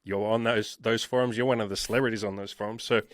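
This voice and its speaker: A man tells his own story candidly, blunt and emphatic, with frequent swearing. His voice sits somewhat low, and the recording is dry and close. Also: fairly even intonation, quick pace, no echo. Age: 30s. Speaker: interview guest, dating coach.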